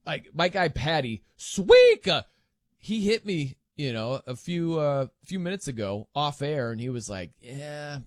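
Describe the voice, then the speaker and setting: A male sports talk host rambles through the news in a loose, jokey way, his pitch leaping around. His voice sits a bit high for a man. The sound is dry and close to the mic. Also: wildly swooping pitch, measured pace, no room sound.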